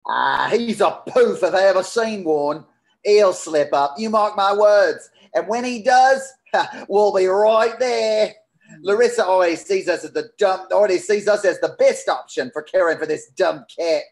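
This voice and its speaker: A man's voice: high voice, unhurried. A man playing a scheming female con artist with a Cockney accent, reading a comic play over a video call. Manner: cocky, reassuring, conspiratorial.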